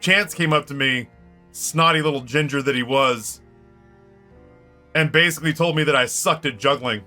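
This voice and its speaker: A man streaming a game, telling a story in a casual, animated way, swearing freely and laughing often. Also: mid-range voice, moderate pace, pauses often, faint music behind.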